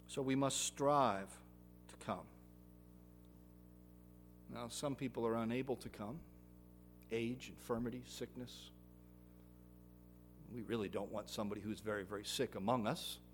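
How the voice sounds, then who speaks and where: A man's voice: measured pace, pauses often, soft background music. Earnest man preaching a sermon. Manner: earnest preaching, swelling louder and higher on exhortations. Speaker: pastor.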